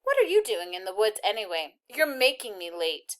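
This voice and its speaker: A woman reading aloud who voices a brave young girl, raising her voice higher and chattering, then turning insolent. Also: wildly swooping pitch, normal speed, a bit bright. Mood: defiant.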